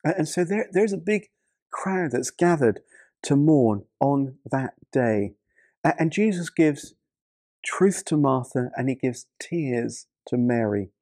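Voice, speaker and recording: A man's voice: mid-range voice, animated, slow pace, dark tone, dry recording, clean studio sound. A man preaching a sermon in an earnest way, often repeating words and restarting his sentences.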